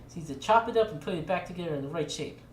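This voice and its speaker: A woman's voice: fairly low pitch, animated, rapid-fire, a little mellow, natural voice. A woman voicing an earnest male craftsman who loves wheels and machines. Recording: echoey room with faint noise.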